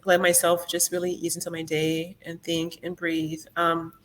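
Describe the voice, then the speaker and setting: A middle-aged woman talking as a podcast guest in a casual interview, reflective and soft-spoken, with many fillers. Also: lowish voice, completely flat delivery, normal speed.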